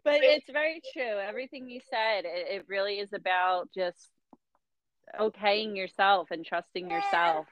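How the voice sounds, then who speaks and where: A woman's voice: mid-range voice, normal speed, dry recording. A woman hosting a podcast as a doula, chatting supportively with her guest and using many fillers. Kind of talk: casual podcast interview. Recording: dry, slightly dull lo-fi sound.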